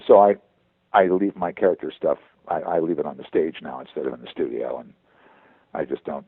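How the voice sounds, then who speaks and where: A veteran voice actor talking in a phone interview, halting and repeating words as he goes. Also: a bass voice, animated, slightly rough, no room sound. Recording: tinny phone line.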